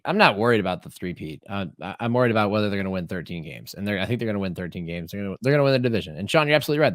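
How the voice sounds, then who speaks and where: A man co-hosting a podcast, talking sports in an animated, emphatic way and often restarting his phrases. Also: mid-range voice, no room sound, clean studio sound. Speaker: podcast co-host. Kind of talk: casual sports chat.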